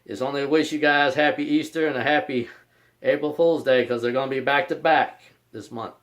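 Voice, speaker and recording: A man's voice: medium pitch, steady tone, a little fast, a bit bright. A man hosting his own video channel, giving a rambling, repetitive announcement and often speaking of himself in the third person. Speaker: YouTube channel host. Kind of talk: casual vlog announcement.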